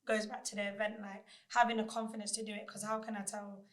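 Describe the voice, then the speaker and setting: Young woman, podcast guest, candid reflective chat, even monotone delivery, mid-pitched. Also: quick pace. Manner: candid, reflective, flat-toned.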